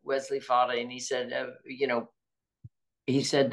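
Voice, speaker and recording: A woman's voice: extremely low pitch, flat delivery, normal speed. A woman in her sixties from New Orleans, an actress chatting as an interview guest, who tells anecdotes and acts out what others said. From New Orleans, USA. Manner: warm storytelling with laughs and quoted voices. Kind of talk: casual interview chat.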